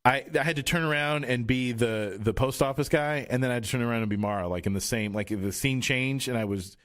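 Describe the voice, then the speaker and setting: A man's voice: mid-range voice, brisk, a bit bright. Rambling man hosting a chat show. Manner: rambling, trailing off, many restarts. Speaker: podcast host. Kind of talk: casual chat. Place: radio studio.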